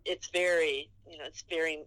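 A woman's voice: deep voice, steady tone, normal speed, a bit bright, no room sound, low-quality recording. A woman from Wisconsin, a podcast guest reading out listener questions and chiming in with friendly short reactions. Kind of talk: casual chat.

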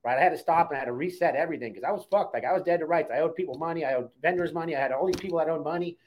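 Brash guy talking fast, swears a ton, casual chat. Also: a little high, a little mellow. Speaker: co-host.

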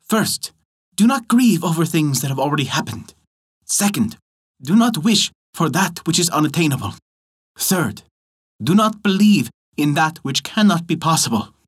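A man voicing a tiny, clever bird that mocks and teases in a raised, lively voice. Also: a little high, normal speed, slightly rough, voice pushed up. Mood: pleading. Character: tiny clever mocking bird, sly and cheeky.

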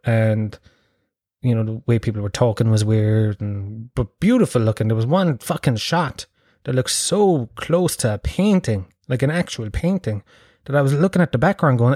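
A man's voice: medium pitch, normal speed, darkish tone, dry recording, clean studio sound. A man chatting casually as a podcast host, rambling, swearing and poking fun at himself. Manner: sweary, rambling, self-mocking. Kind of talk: casual chat.

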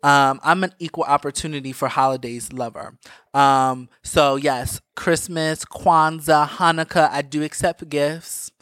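A young man hosting a podcast, asking questions in a teasing, measured way with many fillers. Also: a little high, fairly even intonation, a bit bright, smooth, dry recording, studio quality. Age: young adult. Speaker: podcast host. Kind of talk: casual chat.

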